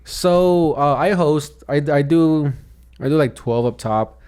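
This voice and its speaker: A man's voice: on the high side, slow pace, a little mellow, clear, resonant tone. A young man co-hosting a podcast, telling a story in a rambling, casual way, with many restarts and "dude". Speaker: podcast co-host, comedian. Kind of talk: casual chat.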